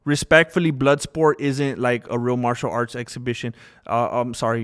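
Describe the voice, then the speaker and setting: A man hosting a casual livestream, giving opinionated, animated commentary and reading out chat messages. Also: mid-range voice, normal speed, clear, resonant tone. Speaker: livestream host.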